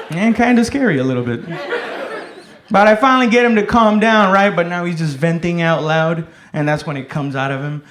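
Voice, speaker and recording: A man doing a stand-up comedy set, telling loud, profane stories and shouting some bits. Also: on the high side, brisk. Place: comedy club stage with a laughing audience. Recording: echoey room, noisy live audience.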